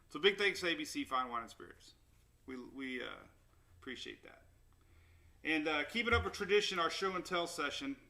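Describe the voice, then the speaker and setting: A man's voice: fairly high pitch, animated, moderate pace, long pauses, sharp tone. A man hosting a casual weather livestream, rambling and upbeat as he chats with viewers. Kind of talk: casual live-stream chat. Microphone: new desktop microphone.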